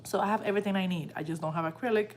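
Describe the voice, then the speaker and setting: A woman with a medium-pitched voice talks at a racing pace over a slight hiss or hum. Hosting a live stream from home, she tells a story casually and emotionally, animatedly acting out the dialogue people said.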